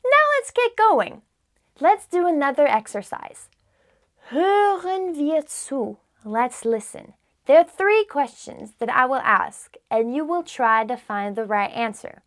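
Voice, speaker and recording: A woman teaching a beginner language lesson, modelling phrases slowly and translating each one patiently. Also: high-pitched, sing-song. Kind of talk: slow, clear teaching with repetition.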